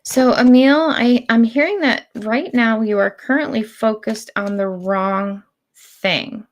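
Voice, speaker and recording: A woman giving spiritual readings on a live stream, speaking in slow, deliberate, drawn-out phrases. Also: a little high, fairly even intonation, lo-fi sound. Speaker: spiritual reader.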